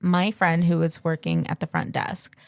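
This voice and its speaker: A woman's voice: on the low side, flat delivery, moderate pace, creaky, dry recording, studio quality. A woman co-hosting a podcast, telling a story in casual chat, with many fillers and acted-out quotes. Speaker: podcast co-host.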